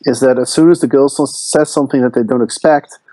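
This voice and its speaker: Dark, dry-sounding male dating coach. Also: mid-range voice, fairly quick, no room sound, low-quality recording. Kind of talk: podcast discussion.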